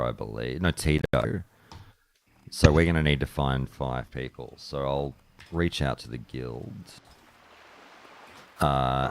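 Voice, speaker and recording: A man with an Australian accent hosting a casual gaming stream, telling animated stories and swearing freely. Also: a bass voice, vocal fry.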